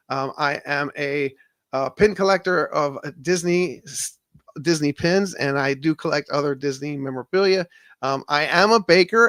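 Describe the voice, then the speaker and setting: A man's voice: fairly high pitch, fairly bright tone, no room sound, studio quality. A man hosting a casual live stream chat, upbeat and greeting viewers by name, with plenty of fillers.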